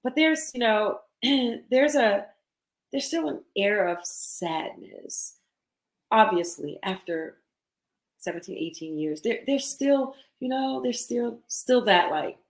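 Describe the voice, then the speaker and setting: A woman's voice: a little high, expressive, slow pace. A woman in her thirties, a guest poet, talking candidly and chattily in a podcast conversation. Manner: candid, chatty, laughs often. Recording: roomy echo.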